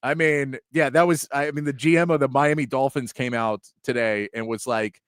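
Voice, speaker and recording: A man's voice: medium pitch, normal speed, hardly any pauses, no echo, studio quality. A man hosting a sports talk show, chatting casually and acting out quotes in mock voices.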